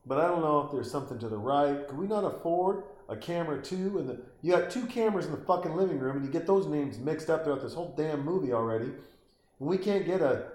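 The audio sounds roomy as a man with a slightly high voice watches a movie and delivers a comedic, profane commentary. He's animated and mocking, swearing, ranting about the characters, and acting out little voices.

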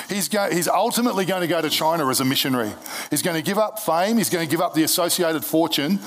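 Male pastor, casual sermon on a stage mic, slightly high voice, chatty and joking, trips over restarts. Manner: conversational, jokey, with many restarts. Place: church service.

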